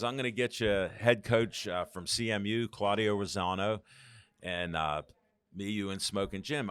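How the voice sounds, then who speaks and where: A man's voice: on the low side, dry recording. Chatty older man spinning anecdotes. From Pittsburgh. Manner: rambling anecdotes acting out quoted dialogue, laughing often. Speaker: guest. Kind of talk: casual storytelling interview.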